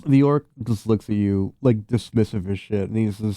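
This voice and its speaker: A man running a tabletop game as game master, narrating in a relaxed, casual way. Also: lowish voice, normal speed, dry recording, studio quality.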